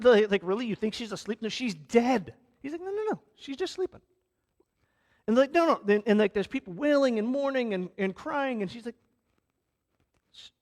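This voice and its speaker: With a high voice, a man preaches a conversational sermon as a pastor, acting out quotations while retelling stories and frequently restarting sentences.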